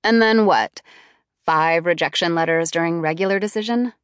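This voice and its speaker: A woman voicing a confident, pushy teenage girl who talks in a brisk, insistent way. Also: on the low side, clean tone, dry recording, clean studio sound, lightly acted.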